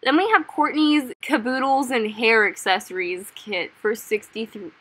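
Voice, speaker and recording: A woman's voice: a little high, moderate pace, a bit bright. A young woman hosting a casual review chat, rambling and chatty with lots of "like"s. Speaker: host.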